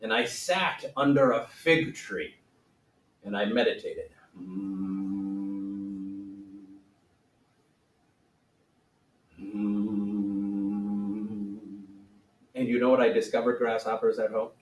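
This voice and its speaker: A man's voice: on the high side, measured pace, close to an everyday voice. Jokey solemn sage with a wandering put-on accent, man doing it, sounds roomy and a bit far off. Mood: mock-solemn. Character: man playing the Buddha as a mock-solemn sage. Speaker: teacher. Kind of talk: comic classroom role-play.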